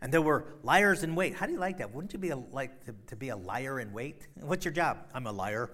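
A man preaching a sermon, retelling a story in a loose, conversational way with many fillers and sudden loud, emphatic bursts. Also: fairly high pitch, lively intonation, brisk, slight background noise. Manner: frequent fillers and restarts, conversational.

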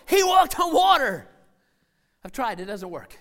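A man preaching a sermon as a missionary, acting out scenes and voices and swinging from shouting to hushed tones. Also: extremely high pitch, sing-song, a little slow.

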